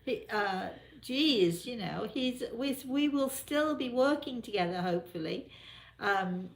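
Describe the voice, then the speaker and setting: A woman's voice: on the high side, expressive, unhurried, gravelly, roomy sound. A woman with an English accent, hosting a casual live chat and laughing often. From England. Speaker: host.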